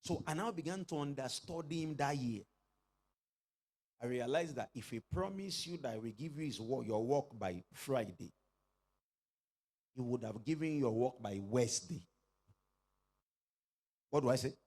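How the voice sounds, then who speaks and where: Husky, animated preacher. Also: male voice, medium pitch, moderate pace, pauses often. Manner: preaching with call-and-response, rising to shouted exclamations. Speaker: pastor. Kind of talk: sermon.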